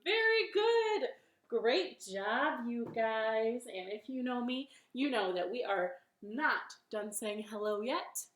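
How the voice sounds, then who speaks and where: A woman's voice: fairly high pitch, slow, few pauses, echoey room, soft background music. A woman hosting a children's storytime from her living room, talking cheerfully and directly to young children. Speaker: library storytime host.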